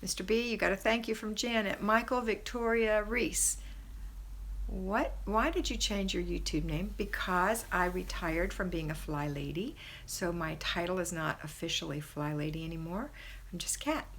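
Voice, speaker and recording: A woman hosts a homemaking live stream, reading viewer comments aloud and praising and encouraging her audience in a chatty way, her pitch rising high when she gets excited. She speaks at a moderate pace, with slight background noise.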